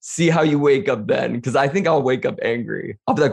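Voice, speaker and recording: A man hosting a podcast in casual chat, relaxed and conversational as he reads out listener questions. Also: mid-range voice, fairly quick, gravelly, breathy edge. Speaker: podcast host.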